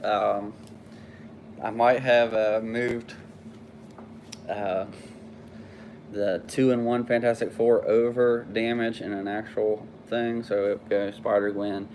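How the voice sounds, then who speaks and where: A man's voice: lowish voice, level tone, slow, long pauses, darkish tone, slight background noise. A man casually reviewing comic books, rambling with many fillers and restarts.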